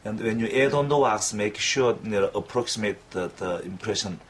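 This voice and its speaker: A man giving a clinical demonstration lesson, talking in a halting way with frequent fillers and restarts. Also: on the low side, slight background noise. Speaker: dental instructor.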